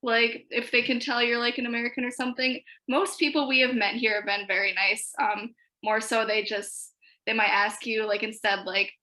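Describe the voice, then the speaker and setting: A woman's voice: a little high, level tone, normal speed, pushed and bright, low-quality recording. A young woman student panelist explaining earnestly over a video call. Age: young adult. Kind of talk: casual panel chat.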